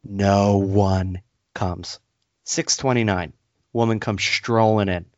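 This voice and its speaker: A low-pitched man tells a rambling, worked-up story on a casual podcast and jumps into high, squeaky voices to play the people he met. The sound is dry and close, but muffled and lo-fi. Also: slow, no echo. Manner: animated storyteller, acts out others in high voices. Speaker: podcast co-host.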